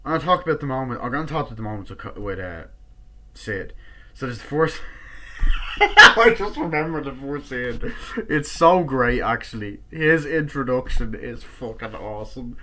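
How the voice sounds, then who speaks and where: A man casually reviewing a film at home, rambling and swearing, with lots of fillers, retelling scenes in quick quoted bits, his jaw sore. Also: mid-range voice, sing-song, bright, forceful tone. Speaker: movie reviewer.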